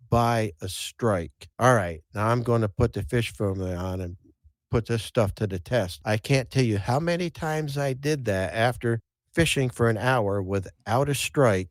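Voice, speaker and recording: A man's voice: mid-range voice, no room sound, clean studio sound. A man hosting a podcast, telling casual fishing stories in a folksy way, often restarting and repeating words. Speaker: podcast host and angler. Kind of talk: casual storytelling chat.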